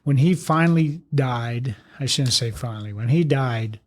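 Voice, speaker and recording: Older man, retired fire chief as guest; mid-pitched, rambling and blunt, swears casually, pokes fun at himself. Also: normal speed. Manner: rambling, blunt, salty, self-deprecating. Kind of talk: storytelling interview talk.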